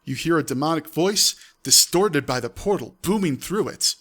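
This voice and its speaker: A man's voice: on the high side, animated, moderate pace, few pauses, a bit bright, breathy edge. A man streaming live, reading out a text adventure and breaking off with offhand asides. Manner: reads aloud with offhand asides. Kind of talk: live-streamed game narration.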